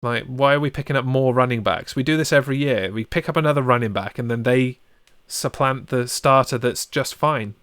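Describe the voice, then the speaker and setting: Brief: male podcast co-host, thirties, excitable sports talk, clean resonant voice. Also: mid-range voice, a little fast, few pauses, clean tone, dry recording, studio quality. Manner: excitable, animated storytelling. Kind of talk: casual sports podcast chat.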